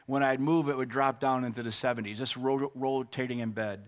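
A man who is a pastor, preaching a sermon and telling a personal story in an earnest, emotional way with pauses. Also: medium pitch, steady tone.

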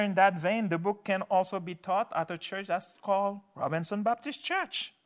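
A man preaching a sermon as a pastor, earnest, his voice swelling loud and then dropping low.

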